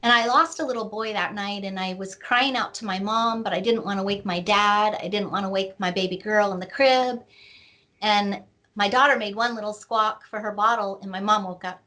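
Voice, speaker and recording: Slow, reflective woman telling her story. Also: mid-range voice, fairly even intonation, pushed and bright. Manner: slow, reflective, with many fillers. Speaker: author and guest. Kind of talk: personal storytelling interview.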